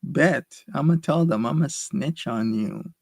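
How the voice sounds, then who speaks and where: A man's voice: mid-range voice, measured pace, gravelly, breathy edge, no echo. A male host in casual chat, teasing and needling his guest. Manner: needling, mock-threatening.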